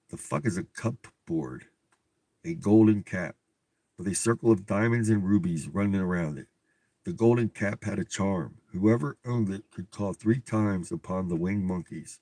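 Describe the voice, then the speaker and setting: A man with a low, husky voice reads a storybook aloud, swearing and scoffing between passages. The sound is dry and close, with no room around it. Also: warm tone, no room sound. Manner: profane, incredulous outbursts. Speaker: reader and commentator. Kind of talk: comedic read-aloud with commentary.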